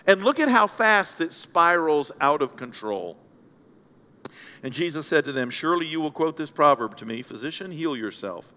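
A man preaches a Sunday sermon, blunt and animated, slipping into the voices of the people he describes. His voice sits high for a man. The sound rings out with a long hall reverb. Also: moderate pace. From Central Kentucky. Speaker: pastor. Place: church sanctuary.

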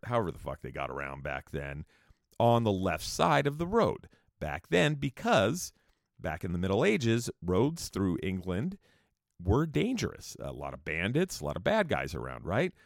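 A man's voice: on the low side, wildly swooping pitch, moderate pace, no room sound, clean studio sound. An American man telling a travel story in a loose, profane, rambling way, breaking off into rants. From United States. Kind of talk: casual storytelling.

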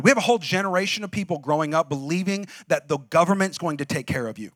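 A man preaching a sermon as a pastor, in a conversational, emphatic way with lots of "like", rising at times to shouts. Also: fairly high pitch, expressive, quick pace, no echo, clean studio sound. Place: church.

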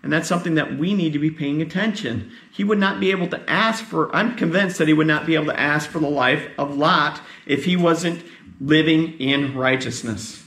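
A man's voice: fairly high pitch, moderate pace, fairly bright tone, roomy sound. A male pastor giving a conversational sermon, tired, often asking his congregation questions.

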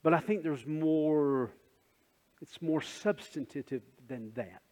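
A man's voice: fairly high pitch, slow, darkish tone. A man preaching a sermon in a conversational way, asking the congregation questions and acting out scenes. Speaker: pastor. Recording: dull sound with long hall reverb.

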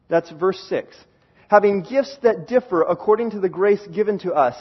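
A man's voice: high-pitched, normal speed, husky, highs cut off. A man preaching a sermon, explaining a scripture passage and reading verses aloud while stressing key words.

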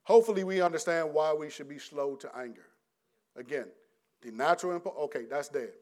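High-voiced middle-aged preacher, animated. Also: male voice, brisk. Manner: animated, many restarts, swings between loud and hushed. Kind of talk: conversational sermon.

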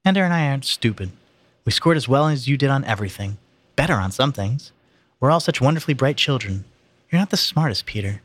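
Man doing a sharp-tongued young girl, defiant and cutting, read-aloud story. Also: mid-range voice, animated, a little fast, dry recording, pitched above the performer's own voice.

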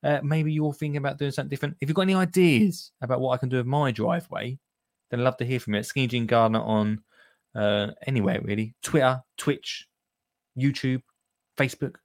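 A man's voice: medium pitch, fairly even intonation, fast talker, no echo, clean studio sound. A man hosting a gardening show, chatting casually and jokily with listeners. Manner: chatty and jokey, with asides to listeners. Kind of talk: casual radio-style show chat.

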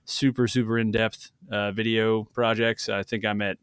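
A man chatting casually as a podcast guest, relaxed and rambling with lots of fillers. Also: fairly low pitch, moderate pace, smooth, no room sound, studio quality. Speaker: podcast guest and former host.

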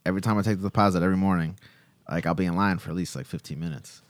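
A man in casual chat, telling a story in profane, animated speech and acting out the people he quotes. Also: sits low, very fast, no echo.

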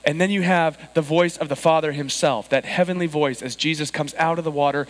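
A pastor in his thirties giving a sermon, telling stories with lively quoted voices. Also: a little high, a little fast, few pauses, big-room sound, low-quality recording. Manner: storytelling, animated quoted voices. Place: church sanctuary.

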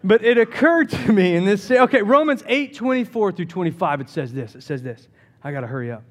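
High-voiced animated male pastor. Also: fairly quick. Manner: animated storytelling with jokes. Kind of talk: sermon.

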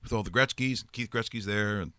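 A man's voice: lowish voice, brisk, sharp tone, smooth, no echo. A man hosting a live sports talk show, chatting casually and telling rambling stories with many restarts.

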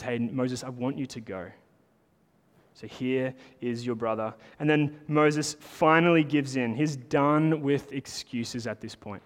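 A man preaching a sermon in a casual, animated way, talking to the congregation like friends. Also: mid-range voice. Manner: conversational, animated preaching with lots of "like". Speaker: pastor. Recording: long hall reverb.

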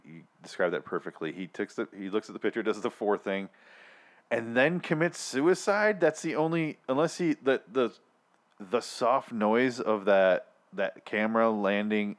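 A man hosting a casual podcast chat, retelling a scene with lots of swearing and laughter. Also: fairly low pitch. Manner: profane, laughing, animated storytelling. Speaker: podcast host.

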